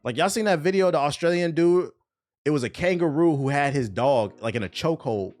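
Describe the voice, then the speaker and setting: A man's voice: a little high, brisk, soft background music. A young man hosting a livestream in casual chat, joking, swearing and reading chat messages aloud. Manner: animated, joking, profane, reads chat aloud. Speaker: livestream host.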